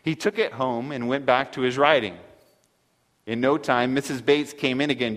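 Male preacher, mid-pitched, sermon storytelling; reverberant hall. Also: normal speed, fairly bright tone. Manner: earnest, reads a story aloud.

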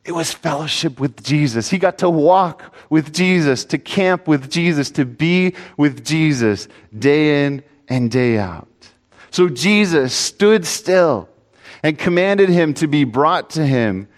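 A man preaching a sermon in an earnest voice, swinging between loud pleading and hushed, low asides. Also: expressive, a little slow, hardly any pauses, in a large hall.

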